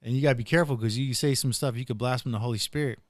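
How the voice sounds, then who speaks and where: A man's voice: medium pitch, fairly even intonation, racing, no room sound, clean studio sound. A man hosting a casual podcast, rambling through retold stories with plenty of "dude" and "like". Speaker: podcast host.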